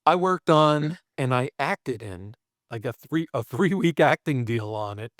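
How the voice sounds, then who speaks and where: A middle-aged man from Brooklyn with a Brooklyn accent, a special effects artist telling stories as a podcast guest in a profane, animated way and acting out sound effects. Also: medium pitch, a little slow, dry recording, studio quality. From Brooklyn, New York. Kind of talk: casual storytelling.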